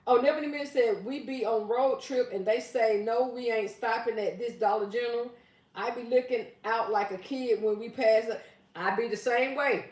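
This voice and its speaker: A woman hosting a casual livestream, reading out viewer comments and teasing her regulars by name in a chatty, playful way. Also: a little high. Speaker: livestream host. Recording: roomy, mic at a distance.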